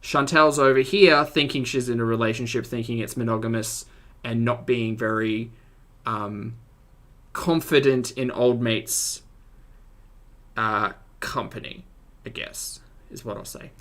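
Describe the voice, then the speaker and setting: Bright-voiced man reacting. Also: medium pitch, measured pace. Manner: animated, exasperated, chatty. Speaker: reaction streamer. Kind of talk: casual reaction commentary.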